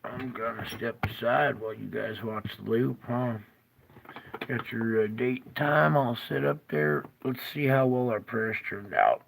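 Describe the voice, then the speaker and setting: Man, host, gravelly voice, middle pitch, tired, rambling casual commentary. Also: fairly even intonation, a little slow, a little hiss or hum. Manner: rambling, jokey and self-interrupting. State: tired, yawning. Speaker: show host. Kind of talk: casual commentary over maps.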